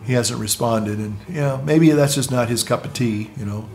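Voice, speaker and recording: A man vlogging in a casual, rambling monologue, with halting restarts, asides and chuckles at his own jokes. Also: medium pitch, a little mellow, soft background music.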